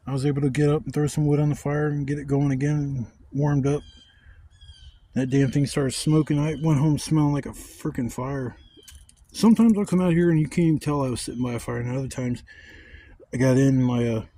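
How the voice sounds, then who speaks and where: A man's voice: medium pitch, fairly even intonation, a little fast, warm tone. A man chatting casually outdoors at his woodland campsite, rambling and swearing freely as he vlogs. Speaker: camping vlogger. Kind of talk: casual chat.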